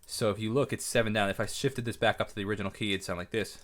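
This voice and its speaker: A man, a music producer, giving an excitable, casual breakdown of his track, often correcting himself mid-sentence. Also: on the low side, rapid-fire. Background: faint music from his session playback.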